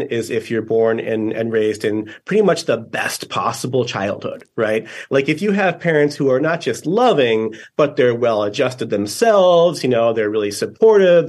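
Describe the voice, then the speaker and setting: A man's voice: medium pitch, a little mellow. A man, a guest author in a podcast interview, explaining ideas patiently with frequent fillers and checking questions. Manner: thoughtful, explanatory, many fillers and "right?".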